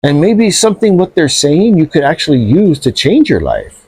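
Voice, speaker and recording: A man chatting casually on a podcast, animated and profane, dropping bro and dude often. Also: a little high, normal speed, husky, dry recording.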